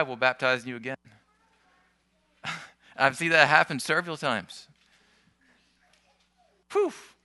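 A man preaching in a very bright, crisp voice, talking through his points in a loose, conversational way and often restarting his sentences. The sound is dry and close to the mic, with the room adding almost nothing. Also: on the high side, dry recording. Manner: conversational teaching with restarts and asides. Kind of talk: sermon.

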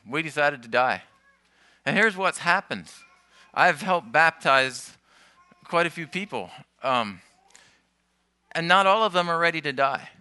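A man's voice: fairly high pitch, sharp tone, clean tone, no echo. A man preaching a sermon, teaching in a conversational way with restarts and asides.

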